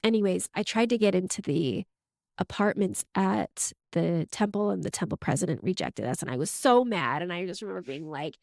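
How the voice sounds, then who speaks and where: A woman's voice: fairly low pitch, animated, moderate pace, creaky, darkish tone, no echo. Young woman podcaster telling her story, emotional, lots of likes, dry close mic. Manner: emotional, open, frequent "like" fillers. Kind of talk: candid personal storytelling.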